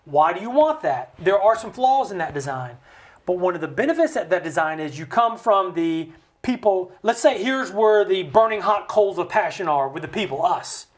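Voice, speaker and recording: A man speaking as a studio guest, explaining with passion, in an animated way with jokey asides. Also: sits high, moderate pace. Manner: animated, acts out quoted voices, jokey asides. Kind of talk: impassioned conversational explanation. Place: recording studio.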